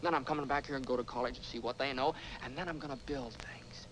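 A man's voice: mid-range voice, quick pace, fairly bright tone, a little hiss or hum, close to an everyday voice, low-quality recording. An actor playing an eager young man who talks big about seeing the world, in 1940s film style. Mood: dreamy. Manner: boyish, big-talking and playful. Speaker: film character.

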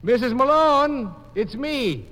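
A man's voice: very high-pitched, big pitch swings, slow pace, sharp tone, full character voice. An actor playing a hot-headed young Irish railroad man, earnest and ardent, in 1940s radio acting. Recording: old radio broadcast with long reverb.

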